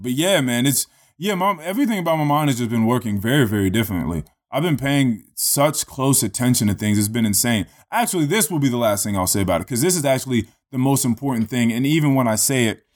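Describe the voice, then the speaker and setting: A man casually telling a long story in a relaxed, profane way, full of fillers like "you know" and "like". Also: medium pitch.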